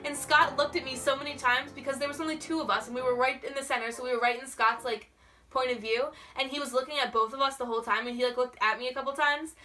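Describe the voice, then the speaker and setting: Bright-voiced gushing young woman. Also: high-pitched, quick pace, recorded from a distance, faint music behind. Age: young adult. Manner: gushing, excitable, heavy use of "like". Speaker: vlogger. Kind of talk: casual storytelling.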